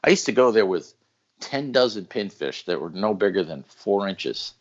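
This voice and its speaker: A man telling fishing stories in a casual podcast chat, animated and often laughing. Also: on the low side, normal speed, lo-fi sound. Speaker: guest storyteller.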